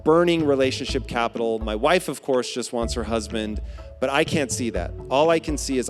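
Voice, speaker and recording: A man's voice: medium pitch, animated, moderate pace, long reverb tail, over music. A man on a podcast telling a personal story with emphasis, repeating key phrases for effect. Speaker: podcast guest.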